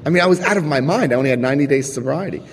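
A man with a husky, slightly raised voice tells his recovery story to a live crowd. His pitch swings widely as he acts out scenes and quotes the people in them. He keeps checking in with his listeners, and his voice carries a long reverb from a large hall. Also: rapid-fire. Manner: animated storytelling, acting out scenes and quoting others; chatty, checks in with the audience. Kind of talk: personal testimony to a live audience.

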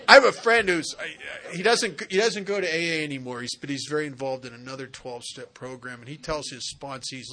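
A man's voice: fairly high pitch, fairly quick, few pauses, pushed and bright. A man speaking at a recovery meeting, telling funny stories about relationships in a folksy, wisecracking, emphatic way. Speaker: AA speaker sharing his story. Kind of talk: humorous recovery talk at a meeting.

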